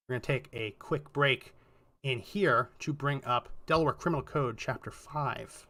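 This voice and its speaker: A man's voice: mid-range voice, moderate pace, bright, forceful tone. A man co-hosting a political podcast, reading messages and legal text aloud and adding sardonic comments. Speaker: podcast co-host.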